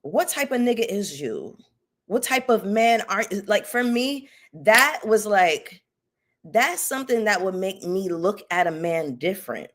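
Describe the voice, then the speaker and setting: A woman hosting a casual live stream, sassy and animated as she greets her viewers by name and rants about reality TV. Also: medium pitch, unhurried. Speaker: YouTube commentary host.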